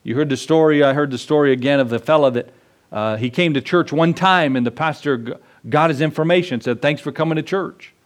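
A man preaches a sermon in a conversational, storytelling way. His voice sits somewhat high for a man. He acts out the dialogue in his stories as he goes. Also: fairly quick. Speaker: pastor.

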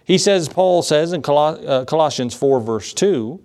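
A man's voice: fairly high pitch, expressive, unhurried, hardly any pauses, darkish tone. A middle-aged male pastor preaching a sermon in a conversational, storytelling way, with fillers and asides.

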